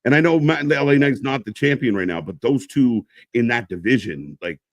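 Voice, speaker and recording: Animated man calling wrestling moves. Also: medium pitch, brisk, no room sound. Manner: hyped, animated calls of the action. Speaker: co-host. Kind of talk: casual live play-by-play chat.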